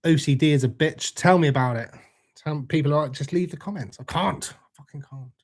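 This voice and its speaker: A man's voice: on the high side, a little fast. A British man hosting a casual livestream, answering viewer comments with laid-back, jokey banter and frequent swearing. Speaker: livestream host. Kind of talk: casual live chat reading comments.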